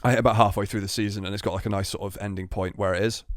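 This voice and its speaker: A man chatting casually on a podcast, his voice sitting on the low side. He rambles, swears freely and keeps restarting his sentences, and the sound is dry and close. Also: little pitch movement, very fast, no echo. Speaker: podcast co-host. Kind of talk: casual chat.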